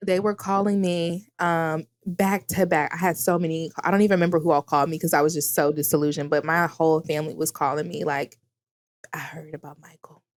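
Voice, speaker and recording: A woman in her thirties, a podcast co-host telling a story in casual chat, dramatic and quick to laugh and swear. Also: deep voice, dry recording. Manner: animated, dramatic, swears freely, laughs often.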